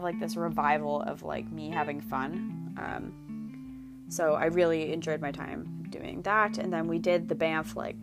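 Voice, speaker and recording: A young woman from Canada gushing about a trip in a casual vlog, her voice sitting on the lower side for a woman. She swears freely and strings every phrase together with "like." Plucked guitar music plays clearly behind her. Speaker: vlogger. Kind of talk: casual chat.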